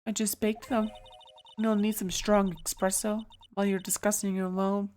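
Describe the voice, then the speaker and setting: A woman voicing a soft-spoken, eerie young woman who talks quietly and slowly in a sweetly menacing way. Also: medium pitch, flat delivery, close to an everyday voice.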